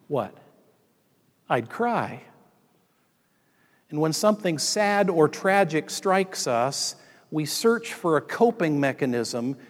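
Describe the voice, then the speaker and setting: Man preaching in an echoing hall. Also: fairly high pitch. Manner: storytelling, addressing the congregation directly. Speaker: pastor. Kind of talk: sermon. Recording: long reverb in a large hall.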